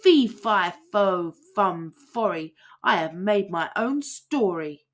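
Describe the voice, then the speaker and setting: A woman's voice: medium pitch, expressive, takes it slowly. A woman voicing a grumpy, threatening male giant in a storybook reading. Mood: booming. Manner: loud, threatening.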